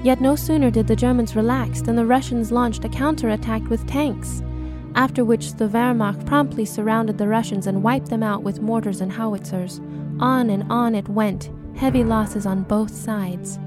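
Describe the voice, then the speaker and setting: A woman's voice: a little high, fairly even intonation, normal speed. A woman narrating a true wartime story as an audiobook in a grave, dramatic storytelling manner, with a cinematic score. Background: cinematic music score.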